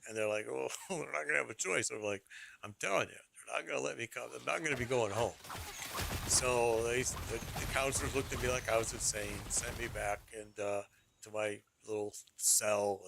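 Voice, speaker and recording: Gravelly man telling rambling stories. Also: medium pitch, steady tone, moderate pace, background noise. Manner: rambling, repeats phrases, laughs through the story. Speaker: streamer. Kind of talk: casual storytelling on stream.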